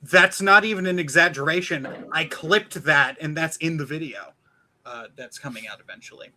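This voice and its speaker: Bright-voiced man in casual chat. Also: a little high, poor audio. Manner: halting, restarts often, mock announcer voice for quotes. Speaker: podcast guest.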